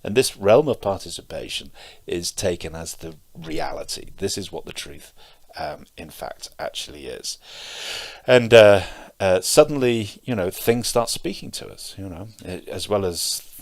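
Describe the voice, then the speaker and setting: Middle-aged zen teacher guy, deep voice, rambles through stories with uhs and ums. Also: lively intonation, measured pace. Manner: hesitant, many fillers, storytelling. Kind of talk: dharma talk.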